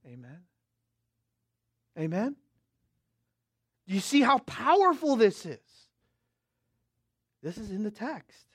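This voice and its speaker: A middle-aged West Coast pastor preaches a sermon in a high-pitched, husky, very animated male voice, recorded as clean studio sound with no echo. He swings from hushed asides to loud, drawn-out proclamations, prompting the crowd with "amen?" and "okay?"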